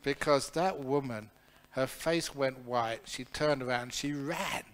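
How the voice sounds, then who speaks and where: A man's voice: medium pitch, slow. Man, monk teacher at a Q&A talk, playful anecdotes, laughs easily, medium voice. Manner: humorous, chuckling, animated storyteller. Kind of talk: dharma talk Q&A with storytelling.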